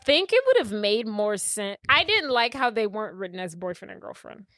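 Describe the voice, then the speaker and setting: A woman's voice: medium pitch, expressive, fairly quick, a bit bright, no room sound, studio quality. A young woman co-hosting a podcast, casually retelling a movie plot and acting out the characters' lines. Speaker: podcast co-host.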